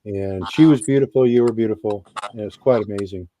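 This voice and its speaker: A middle-aged man and Army veteran telling a story in a casual interview, animated and swearing freely. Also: on the low side, brisk, a little hiss or hum.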